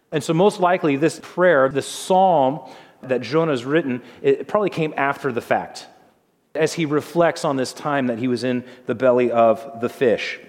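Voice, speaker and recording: A male pastor with a fairly high-pitched voice preaches a sermon in a conversational, storytelling style, lowering his voice for dramatic moments. Each line trails off in a long reverb, as in a large hall.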